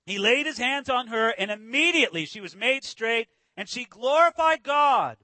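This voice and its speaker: A man preaching a sermon, walking through a Bible passage verse by verse and acting out its scenes with lively emphasis. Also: extremely high pitch, normal speed, no echo, low-quality recording. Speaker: pastor.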